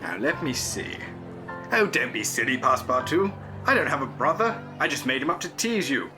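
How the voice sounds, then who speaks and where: An actor playing an eccentric, jolly English gentleman adventurer in a comic radio play, plummy and prone to chuckling. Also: medium pitch, sing-song, normal speed, music in the background, lightly acted. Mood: playful.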